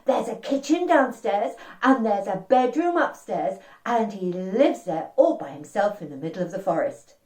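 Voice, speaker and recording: A woman's voice: mid-range voice, expressive, normal speed, hardly any pauses, a little mellow. A woman telling an interactive story to children, speaking directly to young listeners and inviting them to join in. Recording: roomy and distant.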